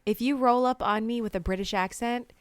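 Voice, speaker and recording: Woman, podcast co-host, slightly high voice, chatty and animated, dry close sound. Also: brisk, clear, resonant tone, dry recording. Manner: chatty, laughs often, tells animated anecdotes. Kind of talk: casual chat.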